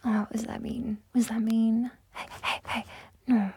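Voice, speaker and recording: Whispered role-play of a domineering young woman who mocks and coaxes in turn, voiced by a woman. Her breathy whisper stays right at the ear, slightly high-pitched, with a faint hiss of noise underneath. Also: level tone, normal speed, darkish tone, natural voice. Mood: angry. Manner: breathy close whisper, taunting, repeats herself. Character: domineering, mocking young woman, cruel then coaxing.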